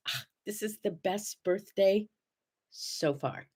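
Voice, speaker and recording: A woman in her seventies hosting a casual morning show, animated and bubbly, chatting to her viewers and her toys. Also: medium pitch, slow, long pauses, breathy edge. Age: 70s. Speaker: host.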